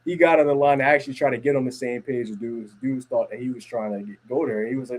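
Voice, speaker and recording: A man's voice: medium pitch, steady tone, fast, hardly any pauses, low-quality recording. A man hosting a casual podcast chat, telling stories in a rambling way with many fillers and restarts. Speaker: podcast host.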